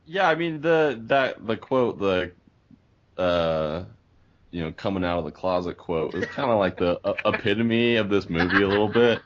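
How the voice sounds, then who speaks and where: A man talks casually on a movie review podcast, rambling and circling back on his words. His voice sits fairly low. The recording sounds dull and lo-fi. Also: animated, normal speed. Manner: rambling, full of fillers and restarts. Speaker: podcast co-host.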